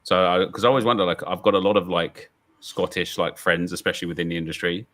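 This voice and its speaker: A man's voice: low-pitched, fairly even intonation, fast, a bit bright. A man chatting casually on a livestream, laid-back with lots of fillers and easy laughter. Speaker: co-streamer.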